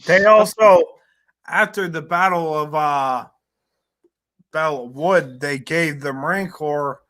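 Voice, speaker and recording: A man's voice: fairly high pitch, slow, pushed and bright. A man in a casual podcast chat, recounting a war story with hesitant fillers. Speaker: guest author.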